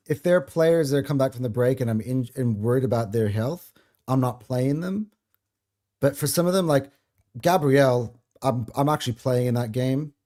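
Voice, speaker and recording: A man's voice: mid-range voice, a little mellow. A man co-hosting a casual football talk show, hesitant, with lots of ums and short laughs. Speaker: podcast co-host.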